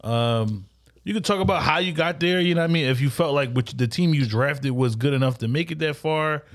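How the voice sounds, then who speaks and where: A man's voice: fairly high pitch, fairly quick. A man co-hosting a casual podcast chat, easygoing and conversational. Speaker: podcast co-host.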